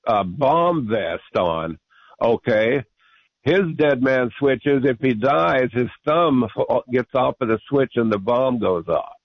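A man's voice: medium pitch, expressive, takes it slowly, no room sound. A man calling in to a radio talk show, arguing insistently and repeating himself. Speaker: radio caller. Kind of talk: call-in radio debate. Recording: muffled radio broadcast.

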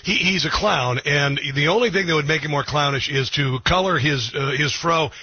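Man, radio talk host, husky voice, somewhat high, casual, muffled radio audio. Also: sharp tone, no echo. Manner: agreeable, chuckling, quick interjections.

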